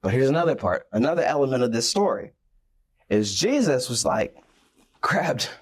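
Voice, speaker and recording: A man retelling a Bible story in a casual faith discussion, animated and acting out the scenes. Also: medium pitch, normal speed, breathy edge.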